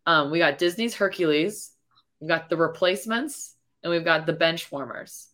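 A woman's voice: lowish voice, normal speed, fairly bright tone. A woman hosting a casual podcast interview, explaining a game segment in a plain, friendly way. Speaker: podcast host.

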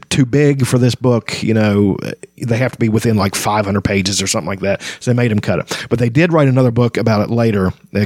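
A man's voice: fairly low pitch, dry recording, studio quality. A man hosting a podcast, chatting about a fantasy book in a casual, rambling way, full of fillers and restarts.

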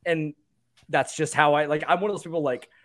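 A man's voice: on the high side, steady tone, fairly quick. A young man co-hosting a casual sports podcast, chatty and self-deprecating, laughing often. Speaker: podcast co-host.

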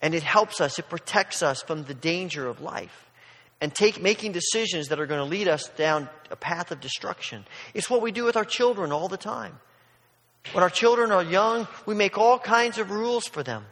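Man, pastor, sermon, high-pitched voice, earnest and emphatic, repeats words, long hall echo. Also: animated, moderate pace, a bit bright.

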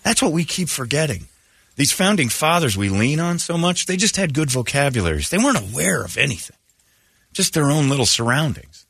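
A man's voice: a little high, big pitch swings, a little fast, gravelly, fairly bright tone, breathy edge, dry recording. A man hosting a morning radio show, joking and rambling in casual banter at a studio microphone.

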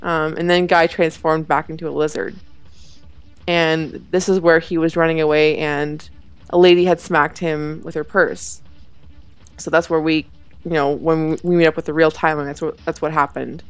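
A woman's voice: low voice, flat delivery, normal speed, clean tone, no room sound. Chatty young woman recapping an episode. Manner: chatty, giggly, lots of fillers and likes. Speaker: podcast co-host. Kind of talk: casual chat recapping an episode.

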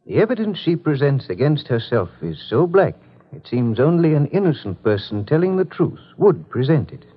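An actor playing a calm, authoritative detective in a 1950s radio drama, probing and measured. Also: male voice, fairly high pitch, slightly rough. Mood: firm. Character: calm, authoritative middle-aged male detective. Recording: muffled 1950s radio broadcast.

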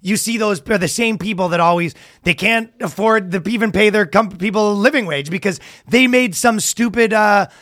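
A man's voice: high-pitched, normal speed, few pauses, fairly bright tone, no room sound, clean studio sound. A man co-hosting a podcast in loose, rambling casual chat, swearing and laughing easily. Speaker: podcast co-host.

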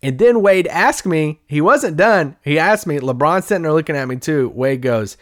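A man's voice: fairly high pitch, expressive, normal speed, dry recording, clean studio sound. A man hosting a podcast, a sports reporter telling a story in a loose, rambling way and laughing often as he goes. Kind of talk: casual anecdotal storytelling.

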